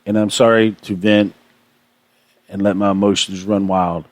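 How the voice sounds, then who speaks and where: A man's voice: on the low side, flat delivery, moderate pace, no echo. A man hosting a radio show, delivering an aggravated, impassioned monologue full of repetition. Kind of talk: ranting monologue.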